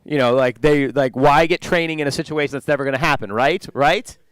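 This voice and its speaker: A man's voice: fairly high pitch, fairly quick, clear, resonant tone, dry recording. Young guy doing standup, rambly, cracks himself up, clean dry mic sound. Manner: rambling, self-interrupting, laughs at own jokes. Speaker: stand-up comedian. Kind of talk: stand-up comedy. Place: conference stage.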